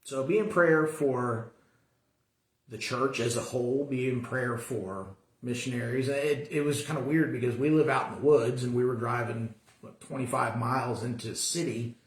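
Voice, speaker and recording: A man's voice: medium pitch, normal speed. Earnest rambling man, echoey room. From American suburbs. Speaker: Sunday school teacher. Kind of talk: casual Bible class talk.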